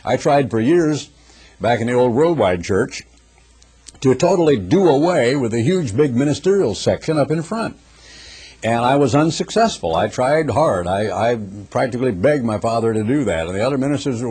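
A male pastor with a husky, slightly rough voice at a middle pitch. He preaches in a folksy, conversational way, lifting his voice to read scripture and slipping into lively voices for the people he quotes. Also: moderate pace. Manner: reads scripture in a raised, ringing tone. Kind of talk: conversational sermon.

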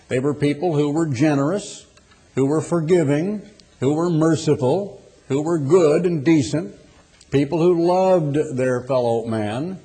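A man's voice: a little high, dark tone. An older man preaching a sermon in a rambling, folksy way, with scornful asides.

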